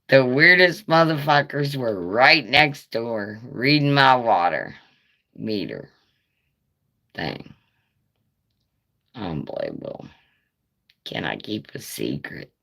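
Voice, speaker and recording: A woman's voice: a bass voice, gravelly, pushed and bright. A middle-aged woman telling a rambling story on a live stream, swearing freely and breaking into laughter. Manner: rambling, profane, laughing asides.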